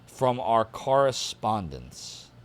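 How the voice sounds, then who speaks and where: A low-pitched man with a lively, swinging delivery, casually streaming a mystery game. He reads the in-game articles aloud, then muses to himself in a chatty, thinking-out-loud way as he writes down clues. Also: takes it slowly. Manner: chatty, thinks aloud while taking notes. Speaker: streamer playing a detective game. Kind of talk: casual live-stream commentary, reading game text aloud.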